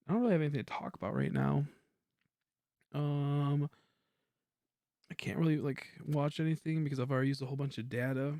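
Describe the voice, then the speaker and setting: A young man chatting casually on a game stream, quiet and rambling, humming between thoughts. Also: fairly high pitch, fairly quick, vocal fry, pauses often, dry recording, clean studio sound. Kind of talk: casual livestream chat while gaming.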